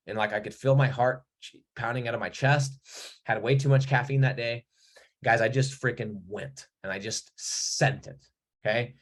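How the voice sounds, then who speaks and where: A man's voice: mid-range voice, fairly even intonation, moderate pace. Blunt, profane man in his thirties. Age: 30s. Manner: blunt, profane, storytelling with rising emphasis. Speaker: mentor. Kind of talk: casual motivational talk to camera.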